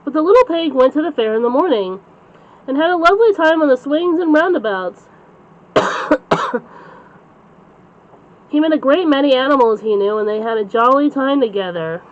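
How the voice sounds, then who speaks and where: A woman's voice: high-pitched, expressive, moderate pace, long pauses. A woman reading a children's bedtime story aloud as the channel's storyteller. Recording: slightly dull lo-fi recording.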